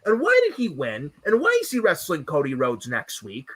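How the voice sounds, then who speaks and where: A man rants as co-host of a wrestling recap stream. His voice is a little high and swings up and down a lot. He swears freely and comes back to the same complaints. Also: huge pitch swings, moderate pace, slightly rough. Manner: profane, ranting, repeats himself. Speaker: podcast co-host. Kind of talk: casual wrestling recap chat.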